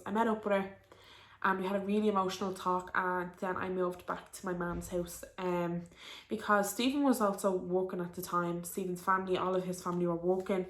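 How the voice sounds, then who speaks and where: A woman's voice: mid-range voice, fairly bright tone. A young woman in her early twenties with a Dublin Irish accent, telling a personal story to camera in a chatty, rambling way full of "um" and "like.". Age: early 20s. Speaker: vlogger. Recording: roomy echo.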